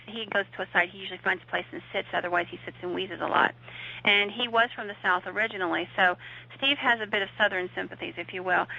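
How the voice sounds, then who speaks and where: Bright-voiced woman telling a ghost story. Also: mid-range voice. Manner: vivid, suspenseful storytelling. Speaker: guest ghost investigator. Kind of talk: recounting a story in conversation. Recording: dull lo-fi audio.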